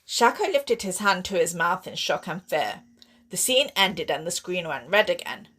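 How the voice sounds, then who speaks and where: A woman author reading her own sci-fi horror novel aloud in steady, expressive audiobook narration. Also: on the low side, moderate pace, slightly rough.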